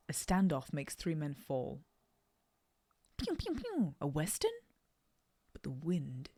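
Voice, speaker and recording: A woman's voice: sits low, a little mellow. A young woman streamer chatting and reacting aloud as she plays a video game. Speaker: gaming streamer. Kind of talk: let's play commentary.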